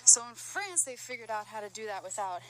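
A young woman casually telling a travel story outdoors, chatty and animated, slipping in halting French phrases. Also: medium pitch, a little hiss or hum, low-quality recording. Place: outdoors at a busy landmark.

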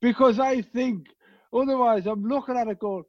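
A man chatting expressively as a podcast guest, joking and swearing. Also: extremely high pitch. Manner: expressive, swearing, quick jokes. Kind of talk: casual chat. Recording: dull, dry lo-fi sound.

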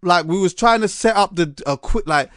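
A man, hosting a podcast and telling stories in an animated, slangy way. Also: high-pitched, normal speed, no echo, studio quality. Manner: animated storytelling with slang and restarts. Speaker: podcast host. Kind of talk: casual chat.

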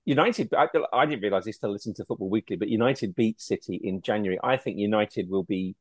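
Playful panelist, dry sound. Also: male voice, lowish voice, quick pace, slightly rough, no echo. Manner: playful, gives his opinions at length. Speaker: podcast panelist. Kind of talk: casual football chat.

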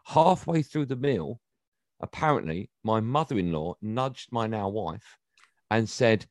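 A middle-aged English man chatting on a podcast, telling stories with a teasing, animated manner. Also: on the low side, a little slow, no room sound, studio quality. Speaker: guest. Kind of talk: casual podcast chat.

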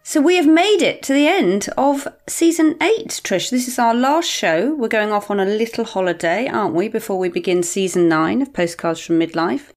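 A woman's voice: medium pitch, animated, normal speed, few pauses, a little mellow, faint music behind. A middle-aged woman, co-hosting a podcast in a playful, teasing chat. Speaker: podcast co-host. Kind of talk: casual chat.

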